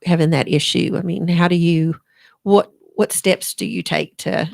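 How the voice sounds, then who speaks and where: A woman's voice: on the low side, steady tone, moderate pace, gravelly, darkish tone, no echo. A woman hosting a radio talk show, asking questions hesitantly with frequent restarts.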